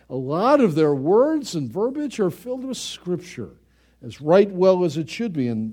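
A man preaches as a pastor in an animated, high-sitting voice, acting out the voices of the people he quotes.

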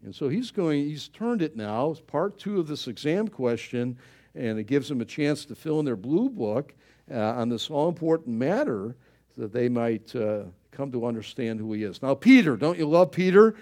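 A man preaching a sermon, animated, with many fillers, rising in volume for emphasis. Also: medium pitch, moderate pace. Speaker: pastor.

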